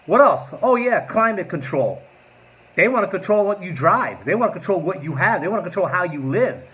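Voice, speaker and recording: Sarcastic, high-voiced man ranting. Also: sing-song, a little fast, a bit bright. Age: 40s. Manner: sarcastic, combative, mocking. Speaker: political vlogger. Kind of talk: political rant to camera.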